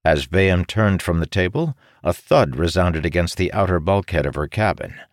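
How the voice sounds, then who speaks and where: A man narrating a fantasy audiobook in a steady, measured reading. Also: deep voice, no echo, studio quality.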